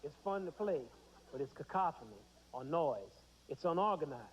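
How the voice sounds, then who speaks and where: A man's voice: a little high, animated, moderate pace, slightly rough. A man in his thirties teaching a music lesson to children, asking the class questions and answering them himself. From United States. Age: 30s. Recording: dull 1990s TV broadcast.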